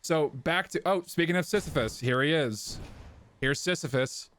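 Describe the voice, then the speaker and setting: A man's voice: a little high, moderate pace, fairly bright tone, a little hiss or hum. A young man streaming a game, chatting casually, rambling off topic with profane jokes. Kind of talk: casual gameplay commentary.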